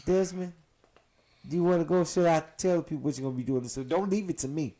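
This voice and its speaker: A man's voice: on the high side, steady tone, fast talker, mellow. A man in his late thirties hosting a podcast and steering a casual chat with friends. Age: 30s. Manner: easygoing, bossy with the guests. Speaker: podcast host.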